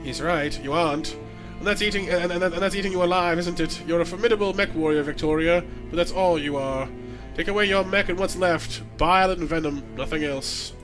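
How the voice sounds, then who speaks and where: A man's voice: a little high, fairly quick, music in the background, natural voice. A man voicing a resolute young noblewoman who leads her people, speaking earnestly and firmly. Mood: stern resolve. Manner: earnest, firm and commanding.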